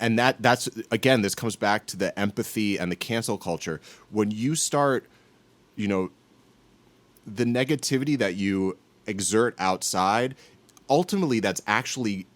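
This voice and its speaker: Deep-voiced man, earnest podcast talk. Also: no echo. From northern United States. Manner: earnest, halting, many restarts. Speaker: podcast co-host. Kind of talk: casual chat.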